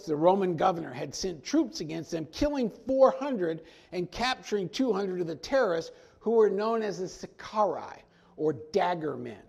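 A man preaching a conversational verse-by-verse sermon, animated and folksy, often stepping into the story to act out the characters. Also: sits high, gravelly, slightly rough. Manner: animated, acts out quoted lines in the story; folksy, frequent "I mean" asides. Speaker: pastor teaching a Bible study.

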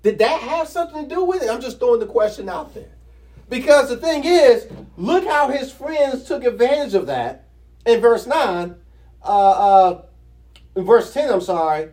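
High-pitched guy doing bible study, chatty and animated, asks the room questions, sounds kinda far from the mic. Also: normal speed. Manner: conversational and animated, chuckles, rhetorical questions to the listeners. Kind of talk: Bible teaching, scripture reading with commentary.

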